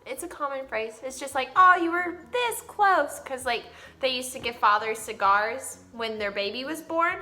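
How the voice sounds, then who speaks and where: A young woman chats in a high, bright voice, giggling as she acts out quotes. She keeps it lively and casual, with faint music in the background. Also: normal speed. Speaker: vlog co-host. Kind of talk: casual chat.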